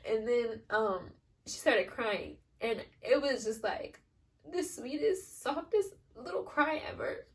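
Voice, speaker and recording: On the high side, animated yet slow and with some vocal fry, this young new-mother vlogger chats through a rambling personal story packed with "like." The mic is distant.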